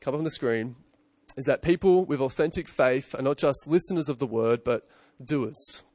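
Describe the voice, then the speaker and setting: A man's voice: medium pitch, normal speed, darkish tone, no room sound. Man preaching a chatty, close-miked sermon. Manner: conversational, self-correcting, rhetorical questions. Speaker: pastor.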